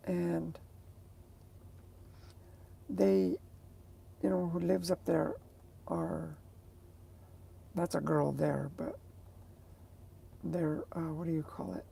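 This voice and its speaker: A woman's voice: fairly low pitch, little pitch movement, drawn-out words, creaky, pauses often, mellow, slight background noise. A woman vlogger chatting casually to her viewers, rambling and hesitant as she searches for words.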